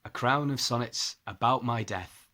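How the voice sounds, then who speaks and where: Man in a put-on Scottish accent, slow poetry reading, tender, soft pauses. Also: mid-range voice, heavy background noise, lightly acted.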